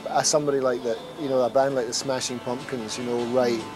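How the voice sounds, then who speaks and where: A man's voice: mid-range voice, fairly even intonation, quick pace, over music. A man who is a singer-songwriter, telling stories in a rambling, amused way and often laughing through his words in a casual interview.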